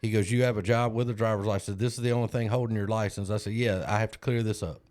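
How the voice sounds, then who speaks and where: Low-voiced man telling a story. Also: steady tone, quick pace, a little mellow. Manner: self-deprecating, acts out other people's lines. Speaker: podcast co-host. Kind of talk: casual storytelling.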